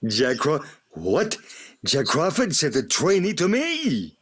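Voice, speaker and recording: A man's voice: a little high, wildly swooping pitch, fairly bright tone, slightly rough, full character voice. A man doing a sly, menacing cartoon bear. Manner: sly, teasing, drawn-out. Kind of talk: live staged script reading.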